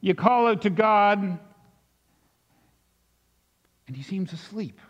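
A male pastor preaching a sermon in a reflective way, dropping soft and then rising with emphasis. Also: high-pitched, lively intonation, slow. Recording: dull recording with long reverb.

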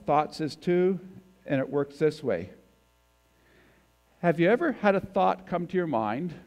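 High-voiced man preaching a casual sermon. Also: a little mellow. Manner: conversational, asks the congregation questions. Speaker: guest preacher. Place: church sanctuary.

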